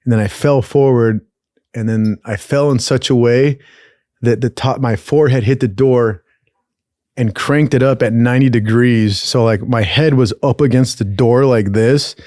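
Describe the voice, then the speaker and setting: A man's voice: medium pitch, steady tone, moderate pace, a little mellow, dry recording, clean studio sound. A man telling a rambling, profane story in casual talk, laughing often along the way. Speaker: storyteller host.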